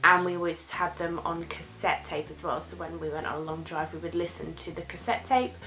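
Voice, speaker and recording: A woman's voice: on the low side, brisk, bright, forceful tone, a little hiss or hum, rough recording. A young British woman chatting casually as she answers viewer questions in a vlog, rambling and sometimes losing her train of thought.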